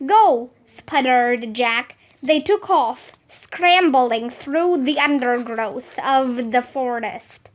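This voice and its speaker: A woman reading a children's book aloud as narrator, slow, careful and expressive. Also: high-pitched.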